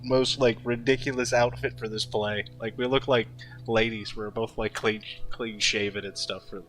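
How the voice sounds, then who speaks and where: A man's voice: lowish voice, little pitch movement, moderate pace, a bit bright, a little hiss or hum, poor audio. A young man telling a story while drawing, rambling and laughing often, full of fillers and restarts. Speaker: artist streaming while drawing.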